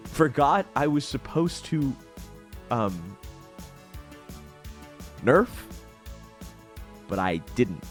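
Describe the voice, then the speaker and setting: A young man narrating a tabletop game as game master, laughing often in a loose, profane way. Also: medium pitch.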